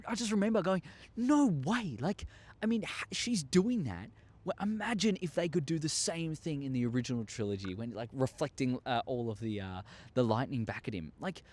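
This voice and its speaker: A young man telling a story to his viewers, excitable and acting out scenes with sound effects. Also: fairly high pitch. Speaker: YouTuber. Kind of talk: casual storytelling monologue.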